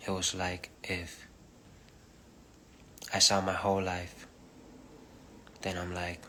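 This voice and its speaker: Speaking from home over a phone or webcam, this livestream preacher delivers a deep, monotone spiritual message in a mix of Spanish and English. He talks softly and haltingly, full of fillers and pauses, over slight background noise.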